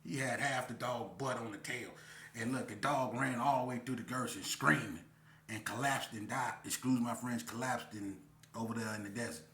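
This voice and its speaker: A man's voice: mid-range voice, moderate pace. A man in his forties from Las Vegas, telling old neighborhood stories in a casual, slangy way and acting out the scenes. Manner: animated, acts out scenes, slangy and repetitive. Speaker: storyteller. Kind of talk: casual street storytelling. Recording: roomy echo.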